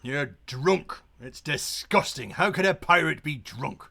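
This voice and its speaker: A man voicing a quick-tempered pirate ship captain who shouts and curses at his drunken crew. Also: a little high, lively intonation, heavily acted. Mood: furious. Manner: blustery, shouting and cursing at the crew.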